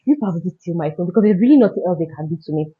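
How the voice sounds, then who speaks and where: A young woman with a Nigerian accent tells a personal story on her vlog, animated and emotional, with lots of fillers. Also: on the low side, racing. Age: young adult. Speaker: vlogger. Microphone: phone camera. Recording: dull lo-fi phone audio.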